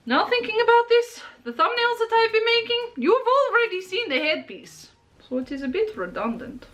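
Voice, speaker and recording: High-pitched, excitable young female makeup vlogger with a bubbly, self-praising delivery. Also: normal speed, dull audio. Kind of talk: makeup tutorial chat.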